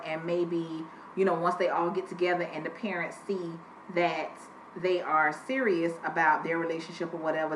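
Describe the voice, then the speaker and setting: A woman giving a blunt, profane, animated casual review of a reality TV episode. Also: lowish voice, slight background noise. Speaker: TV show reviewer. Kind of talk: casual chat. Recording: echoey room with faint ambience.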